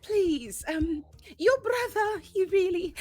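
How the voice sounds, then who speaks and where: A high, earnest young adventurer begs softly and sweetly, close to tears, as a woman puts the voice on. Her pitch swings widely. Faint music plays underneath. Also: expressive, takes it slowly, full character voice. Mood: pleading. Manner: high, earnest, tearful pleading.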